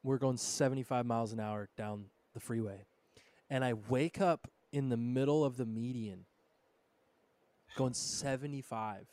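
A man's voice: mid-range voice, steady tone, a little slow, a little mellow, dry recording. A man in his thirties, a podcast co-host, telling a road story in a casual, laid-back way with lots of "dude" and "bro". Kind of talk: casual chat.

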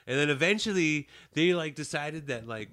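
A man telling a long story in casual chat, rambling with many restarts and getting loud and riled as he retells it. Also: on the high side, animated, moderate pace.

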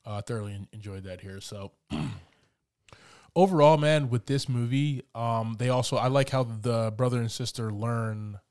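A man's voice: mid-range voice, unhurried, a little mellow, clear, resonant tone, no room sound, clean studio sound. A man co-hosting a casual movie review chat, laid-back and loose, tossing in "man" and fillers. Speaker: movie review podcast co-host.

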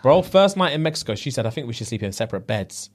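A man's voice: medium pitch, fast talker. A man, co-hosting a podcast, casually retelling a reality show with lots of slang and acted-out quotes. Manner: animated storyteller, acts out quotes, heavy slang. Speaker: podcast co-host.

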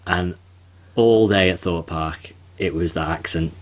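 Podcast co-host, male, very low voice, chatty, jokey asides. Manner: chatty, quick asides, laughs at own jokes. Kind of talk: casual podcast chat.

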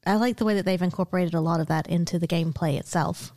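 A woman's voice: on the low side, fairly even intonation, fast, mellow, no room sound, clean studio sound. A woman co-hosting a podcast in casual chat, explaining things in an easygoing way. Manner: easygoing, explaining, laughs often. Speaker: podcast co-host.

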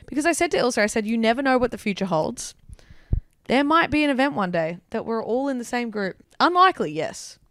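A young woman co-hosting a podcast in casual, animated chat, telling stories with swearing and laughter. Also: a little high, fairly quick, no echo. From Australia. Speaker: podcast co-host.

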